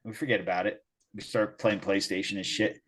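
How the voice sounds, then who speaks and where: A man's voice: fairly low pitch, steady tone, brisk, a bit bright, slight background noise. A man co-hosting a podcast, telling a crude story in casual chat, laughing often and acting out the quotes. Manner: laughing, profane, acts out quotes. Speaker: podcast co-host.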